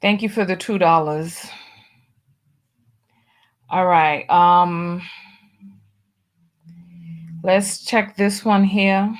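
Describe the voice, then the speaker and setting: A woman's voice: on the low side, steady tone, extremely slow, pauses often. A woman hosting a live stream in a casual chat, reading comments aloud in a drawling, exclamatory way. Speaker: host.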